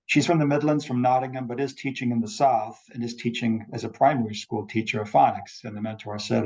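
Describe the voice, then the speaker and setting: A man giving an academic talk over a video call, measured and explanatory. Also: medium pitch, steady tone, a little mellow, muffled recording. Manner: measured lecturing, quotes examples. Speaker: academic speaker. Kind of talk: online forum talk.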